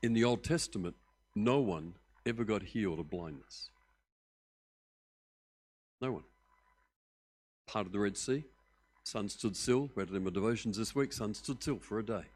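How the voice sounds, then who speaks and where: A middle-aged man, preaching a sermon as pastor, telling the story with lively acted-out voices that swing from loud to hushed. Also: fairly low pitch, normal speed, pauses often, husky. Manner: animated storytelling, acting out voices with big swings in loudness.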